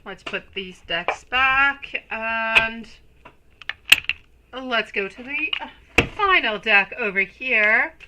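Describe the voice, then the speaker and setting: A woman hosting a live tarot reading stream, speaking slowly and affectionately to her viewers. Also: fairly high pitch, lively intonation, heavy background noise. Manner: slow, soothing, affectionate toward viewers.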